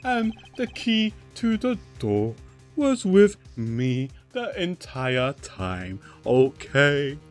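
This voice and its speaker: A man voicing a gruff adult male detective in a game, drawling and calling people pal. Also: a little high, very animated, very slow, faint music behind, full character voice.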